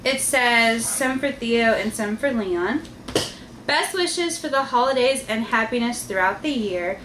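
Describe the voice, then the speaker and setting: A woman hosting a casual family unboxing vlog, gushing and excitable, often laughing as she reads cards aloud. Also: fairly high pitch, measured pace. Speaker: vlog host and mother. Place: family home with kids playing. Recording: echoey room with loud household noise.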